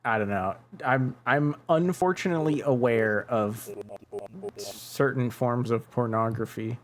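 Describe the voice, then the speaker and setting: Slow, rambling male streamer. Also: mid-range voice, slight background noise. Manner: rambling, muses aloud while chatting with viewers. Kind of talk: casual gaming chat.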